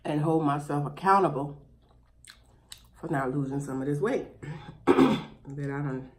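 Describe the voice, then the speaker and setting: Low-voiced woman chatting while she eats. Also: measured pace, long pauses. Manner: chatty, talks while chewing. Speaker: mukbang host. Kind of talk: casual chat while eating.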